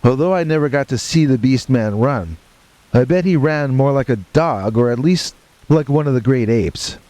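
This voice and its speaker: Mellow-voiced man narrating a horror story. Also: mid-range voice, normal speed, no room sound.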